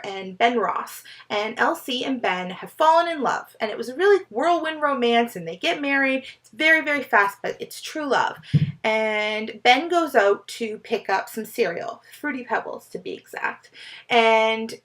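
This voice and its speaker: A chatty, enthusiastic woman talks through her book picks, speaking in a slightly high voice. She gets tangled up on names now and then and laughs it off. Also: fairly bright tone. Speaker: book vlogger. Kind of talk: casual book recommendations.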